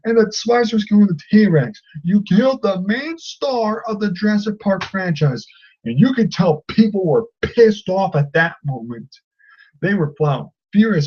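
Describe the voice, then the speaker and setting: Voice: mid-range voice, expressive, normal speed, lo-fi sound, a little hiss or hum. A video reviewer in a casual vlog, ranting in an exasperated way with many fillers. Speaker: film reviewer.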